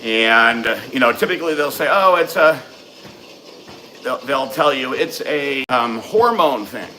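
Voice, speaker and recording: A man's voice: mid-range voice, expressive, normal speed, bright, forceful tone, a little hiss or hum, poor audio. A man hosting a casual live question-and-answer session, giving frank, matter-of-fact advice with plenty of ums and uhs. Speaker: host answering viewer questions.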